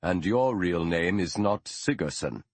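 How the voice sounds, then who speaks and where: A man doing a calm, grave Lakota elder. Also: low-pitched, unhurried, dry recording.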